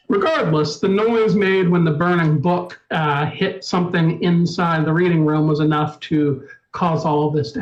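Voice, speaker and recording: A man narrating a tabletop game as storyteller, in a measured, descriptive way. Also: high-pitched, lo-fi sound. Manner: measured, descriptive, apologetic asides.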